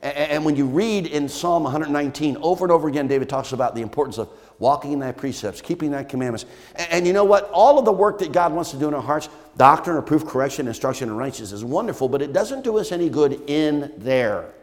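A man's voice: on the high side, animated, fast. A man preaching a sermon as pastor, emphatic and repetitive, firing rhetorical questions at the congregation. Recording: long church hall reverb.

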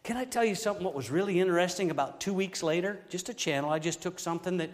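A middle-aged preacher with a drawl, his voice sitting a little high for a man. He tells folksy stories and exclaims as he preaches, with the long echo of a church hall trailing behind each line. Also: fast talker. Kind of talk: storytelling sermon.

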